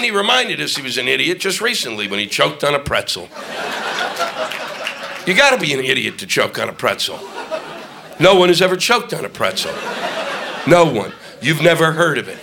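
A man performing a stand-up comedy set, ranting and profane, shouting his punchlines, recorded live on a club stage before a laughing audience. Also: a little high, creaky, background noise.

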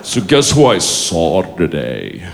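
A man's voice: sits low, huge pitch swings, slow pace, vocal fry, pitched below the performer's own voice, full character voice. A man putting on a slack-jawed young bro with lazy, slurred speech that slides out with barely moving lips, in a live hall with crowd noise. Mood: lazy drawl.

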